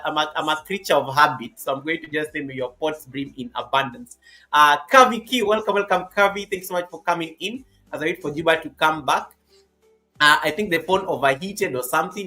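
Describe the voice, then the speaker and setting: A man with a bright, slightly high voice hosts a live stream interview, greeting viewers one by one. He repeats phrases as he fills the time. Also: poor audio.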